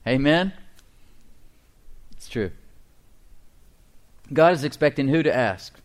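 A middle-aged pastor preaching a sermon, leading his congregation in call-and-response and reading scripture slowly with emphasis, chuckling between points. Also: medium pitch, expressive.

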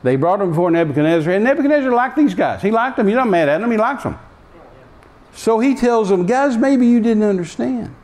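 High, animated male preacher. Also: fast talker. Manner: emphatic, repeating key phrases; acts out the story's speakers. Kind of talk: sermon.

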